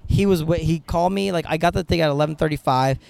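A man tells stories on a podcast at a rapid clip, swearing freely and keeping the energy up. His voice sits a little high, and his delivery stays animated and casual. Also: creaky, a crowd in the background. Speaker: podcast guest, comedian. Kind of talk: casual storytelling.

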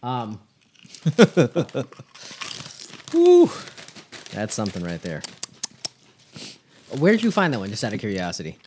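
A man's voice: lowish voice, very animated, normal speed, long pauses, slight background noise. A man co-hosting a casual tasting podcast, wry and jokey, trailing off into mumbles. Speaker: podcast co-host. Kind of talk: casual chat.

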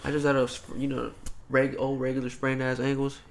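A young college athlete in casual chat, telling stories in a laid-back, slangy way with plenty of swearing. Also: male voice, medium pitch, monotone, brisk, creaky. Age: young adult.

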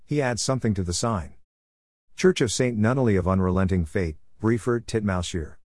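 A man with a lowish voice narrates a storybook tale, measured and even. The recording is close and dry, with no room sound. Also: dry recording.

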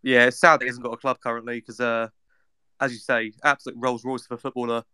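A man chatting as co-host on a football podcast, his voice smooth and clear. He is recorded close and dry, and he throws in dry, joking asides. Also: medium pitch, flat delivery, quick pace, bright, forceful tone, dry recording. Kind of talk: casual chat.

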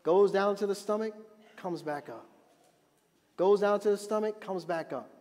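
A man preaching a sermon as pastor, animated and building to emphatic repeated refrains. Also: sits high, normal speed. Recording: long reverb of a hall.

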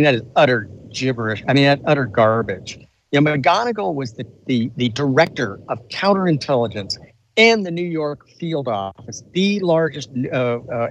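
A man's voice: mid-range voice, a little hiss or hum, poor audio. Emphatic older man telling a story. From United States. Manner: intense, emphatic, restarts often, many fillers. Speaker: guest, retired colonel and author. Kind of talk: conversational interview storytelling.

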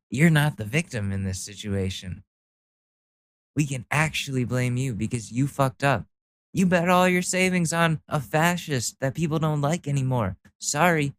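A man's voice: medium pitch, a little slow. A young man doing mocking, profane reaction commentary, sarcastic and laughing often. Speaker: commentary streamer.

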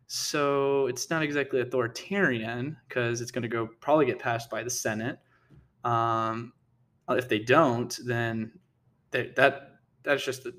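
A man's voice: medium pitch, a bit bright. A man giving casual opinion commentary, heated and indignant, who often stumbles over his words and repeats himself. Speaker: political commentator.

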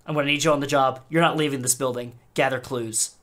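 A commanding male vampire prince barks quick orders in a tabletop game, voiced by the game master. He sounds brisk and businesslike, and his voice sits in an ordinary middle pitch. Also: fairly even intonation, fairly bright tone, lightly acted. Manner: rapid clipped orders. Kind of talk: voicing a character in a tabletop game.

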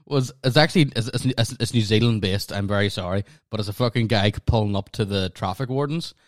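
A man's voice: lowish voice, no room sound, clean studio sound. A man with a Northern Irish accent co-hosting a podcast in casual chat, blunt and swearing freely. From Northern Ireland. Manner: blunt, heavy swearing, quick laughs. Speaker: podcast co-host.

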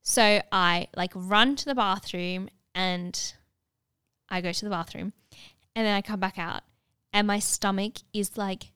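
A young woman telling a story in casual chat, animated and full of fillers, acting out what others said. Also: medium pitch, measured pace, clean tone, dry recording, studio quality. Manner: animated, many filler "like"s, acts out dialogue.

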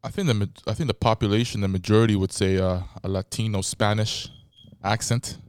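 A man's voice: fairly low pitch, fairly even intonation, a little fast, a little mellow, clean tone, no echo. Playful male podcast host, dry close mic. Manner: playful, teasing, asks questions. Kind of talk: casual podcast chat.

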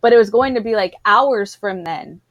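A woman's voice: mid-range voice, moderate pace, no room sound, dull audio. Chatty woman telling a story, dry sound. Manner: chatty, animated storytelling with acted-out quotes. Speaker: guest telling her birth story. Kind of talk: casual chat.

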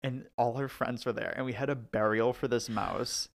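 Young man telling a story, gravelly. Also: mid-range voice, moderate pace. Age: young adult. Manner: animated storyteller, full of "like". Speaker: podcast co-host. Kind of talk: casual storytelling. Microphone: podcast microphone.

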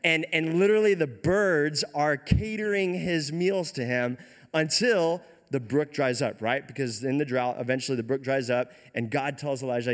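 This pastor speaks at a normal speed in a fairly high voice. He preaches a casual retelling sermon, keeping it conversational and often checking in with "right?"

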